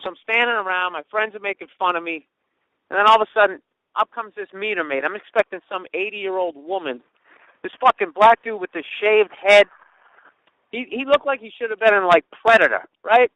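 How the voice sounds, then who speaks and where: A podcast host rants sarcastically and profanely while telling a story outdoors on a city street, a casual comedic monologue. His voice sits high and sounds pushed and bright, fairly quick. There's no echo, though the recording is rough.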